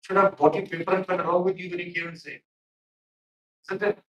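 A man's voice: high voice, level tone, brisk, far from the mic, muffled recording, a little hiss or hum. A man giving stern feedback in a mock interview, with many fillers. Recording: echoey room, off mic.

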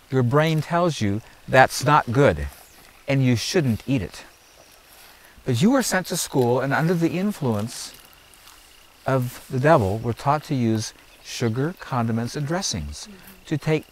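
A man's voice: a little high, slight background noise, low-quality recording. Emphatic man leading an outdoor garden tour. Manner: emphatic and preachy, repeats phrases, asks "are you hearing me?". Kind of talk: outdoor teaching talk to a group.

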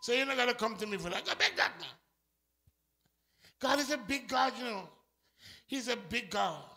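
A man from St preaching a sermon in a church, shifting from quiet talk to impassioned shouting. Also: very high-pitched, lively intonation, normal speed, vocal fry.

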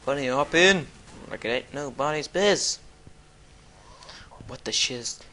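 An excitable young man talks over his gameplay in a slow, unhurried drawl. He mutters to himself, then bursts into sudden yelps and shouts. A faint hiss of noise sits behind him. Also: medium pitch. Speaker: gamer commentating his play. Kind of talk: casual gameplay commentary.

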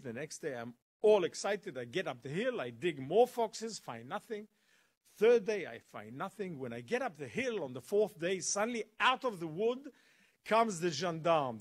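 A man giving a lively storytelling talk as a guest speaker at a college, building suspense with dramatic pauses. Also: on the high side. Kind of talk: animated storytelling lecture. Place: college event.

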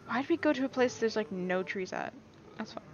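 A woman's voice: fairly high pitch, expressive, fairly quick. Playful young woman narrating gameplay. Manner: playful, rambling, self-reassuring chatter. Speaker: gameplay streamer. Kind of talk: casual let's-play commentary. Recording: dull lo-fi mic with faint hiss.

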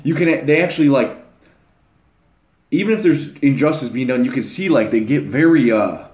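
Young male host, mid-pitched, blunt rambling delivery with slang, recorded in a roomy, echoing space. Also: lively intonation, normal speed, a little mellow. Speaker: channel host. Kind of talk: casual monologue to camera. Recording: echoey room.

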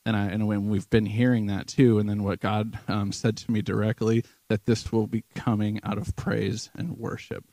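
A man speaks at church in a low, gravelly voice with a flat, even melody. He is earnest and conversational, full of pauses and restarts, and the sound is dry and close. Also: no room sound. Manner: halting and conversational, many ums and restarts. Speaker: church member sharing a vision. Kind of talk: informal sermon testimony.

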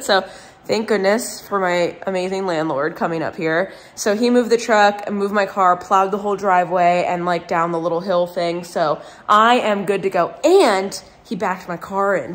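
A young woman talking casually to the camera for her vlog, chatty and excitable, full of fillers. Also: medium pitch. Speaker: vlogger.

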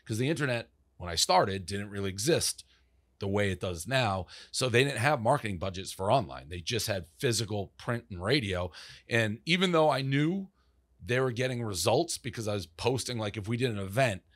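In a studio-quality recording without echo, a man with a fairly low, fairly bright voice and lively intonation talks at a moderate pace. He's a podcast guest telling rambling, profane stories about founding his company, leaning heavily on "like."

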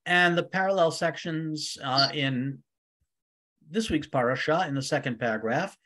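A rabbi teaching a weekly Torah study class, reading Hebrew verses aloud and translating each one with many ums and uhs. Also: male voice, on the high side, a little slow, bright, forceful tone.

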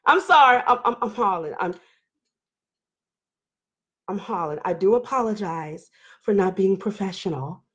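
A woman's voice: mid-range voice, expressive, normal speed, long pauses, fairly bright tone, highs cut off. A middle-aged woman hosting a live online talk show, reading viewer comments and preaching with fired-up energy, hollering at times.

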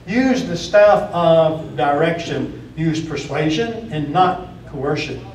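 A man's voice: fairly high pitch, a little mellow, a little hiss or hum. A man preaching a sermon in a church, plainspoken, often repeating and restarting phrases. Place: church auditorium. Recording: echoey room from far off.

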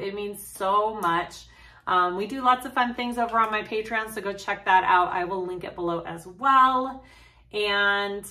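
A woman hosts a casual sewing vlog from home. Her voice is bright and cheerful, she gushes and laughs often between her fillers, and she sits a little back from the mic. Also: mid-range voice, far from the mic. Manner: bubbly, gushing, with frequent laughs and fillers. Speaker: host.

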